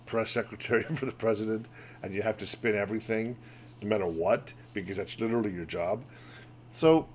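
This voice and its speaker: A man's voice: fairly low pitch, slight background noise. Emphatic man ranting on a podcast. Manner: emphatic, rhetorical, digressive. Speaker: podcast host. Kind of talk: casual opinion monologue.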